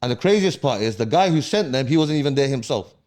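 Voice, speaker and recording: A man's voice: mid-range voice, lively intonation, fast, a little mellow. A man, a podcast guest heatedly retelling events in street slang and checking in with "yeah?" after each point. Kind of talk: casual storytelling interview.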